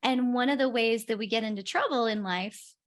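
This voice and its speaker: A woman's voice: a little high, a little fast. A woman guest coaching on personal branding, earnest and emphatic, repeating her key points. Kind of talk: coaching in conversation.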